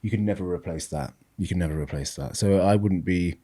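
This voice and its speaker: A British man co-hosting a podcast, talking in a relaxed, reflective way and giving measured advice. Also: deep voice, breathy edge. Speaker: podcast co-host. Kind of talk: casual chat.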